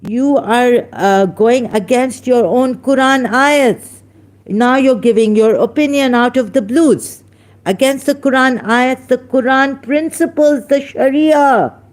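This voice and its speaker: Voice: high-pitched, slow. A speaker hosting a heated religious debate, scolding a caller with emphatic rhetorical questions and sounding angry. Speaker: online debate host.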